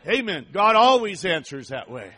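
A man preaching a fervent sermon, reading scripture and rising to shouts of praise. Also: high-pitched, very animated, normal speed, husky.

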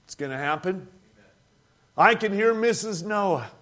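A man in his sixties with a high voice preaches in a homespun storytelling way. He uses plain country grammar and chuckles often as he talks. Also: animated, measured pace, fairly bright tone. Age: 60s. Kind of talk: storytelling sermon.

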